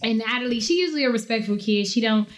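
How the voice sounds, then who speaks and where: Chatty storytelling mom, high voice. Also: female voice, fast talker. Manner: storytelling, animated when quoting, laughs often. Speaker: podcast host and parent. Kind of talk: casual family podcast chat.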